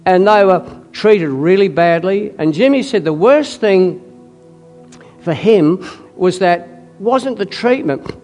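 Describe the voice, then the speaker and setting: A man preaching a sermon, telling a wartime story with frequent coughs and throat-clearing, building to loud, emphatic climaxes. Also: on the high side.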